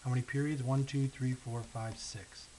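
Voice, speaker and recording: A man's voice: medium pitch, fairly even intonation, warm tone, low-quality recording. Patient man teaching math aloud. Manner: patient, checks in with frequent "okay?" and "right?"; thinks aloud while writing, slows down on key numbers. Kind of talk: recorded lesson walkthrough. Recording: faint hiss.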